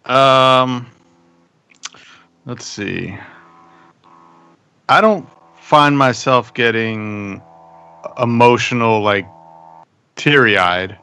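A man in his thirties on a podcast, talking casually and reflectively about fatherhood, halting with many fillers. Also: medium pitch, sharp tone, clean tone. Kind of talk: casual chat.

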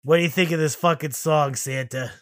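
A man's voice: on the high side, steady tone, fairly quick, dry recording, clean studio sound, lightly acted. A man doing a surly, cursing elf. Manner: brash, loud and cursing. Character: grumpy, foul-mouthed laid-off male elf.

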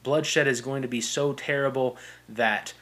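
A man's voice: mid-range voice, steady tone, measured pace, a bit bright. A young adult man casually retelling and explaining a classic play as a podcast host, paraphrasing quotes with frequent fillers and restarts.

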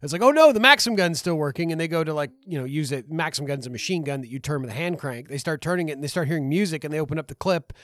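A man from Canada co-hosts a film podcast and retells scenes with hesitant fillers. His voice sits a little high. The recording is dry and close. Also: very fast, few pauses, no echo. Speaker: podcast co-host. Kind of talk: casual film review chat.

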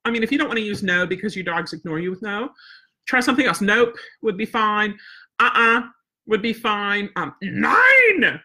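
A woman's voice: medium pitch, brisk, sharp tone. A woman dog trainer teaching casually on a live stream, chatty and plain-spoken, often checking in with "right?". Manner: chatty, tags points with "right?" and "okay?"; plain-spoken, firm about follow-through.

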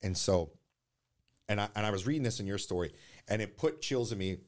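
Deep-voiced man telling his life story. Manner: candid and earnest, with halting restarts. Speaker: podcast guest. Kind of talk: personal life story in conversation.

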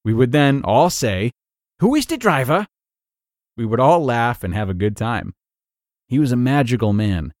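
A man hosting a podcast who reads a blog post aloud in an earnest, measured way, then comments on it. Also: mid-range voice, lively intonation, a little mellow, no room sound, studio quality. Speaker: podcast host.

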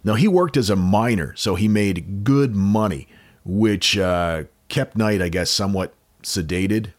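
A man's voice: lowish voice, unhurried. An American man hosting a podcast, casually telling a true crime story with wry, offhand jokes.

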